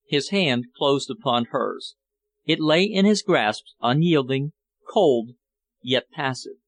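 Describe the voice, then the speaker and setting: A man reading a novel aloud in measured, even scripted narration. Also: medium pitch.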